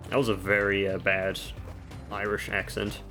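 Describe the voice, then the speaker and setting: A man's voice: lowish voice, monotone, moderate pace, pushed and bright, faint music behind. A man giving casual gameplay commentary at home, chatting through game tips with offhand self-mocking jokes. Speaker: gaming video creator. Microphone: desk microphone.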